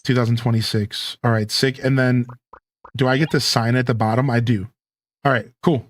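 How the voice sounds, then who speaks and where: A man live-streaming a modded life-sim game, chatting casually to his viewers and himself in a relaxed, slangy way. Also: mid-range voice, normal speed, slight background noise.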